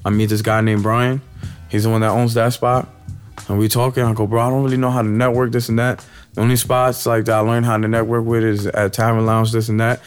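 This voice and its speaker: A man in casual podcast banter, talking loose and profane with street slang and mid-range pitch. He spins stories about his comedy gigs. Faint music sits low behind him. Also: flat delivery, a little fast, clear, resonant tone. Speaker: podcast co-host.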